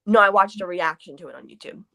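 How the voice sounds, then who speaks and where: A woman co-hosting a live chat, talking in a relaxed, rambling way. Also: mid-range voice, fast. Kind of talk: casual livestream chat.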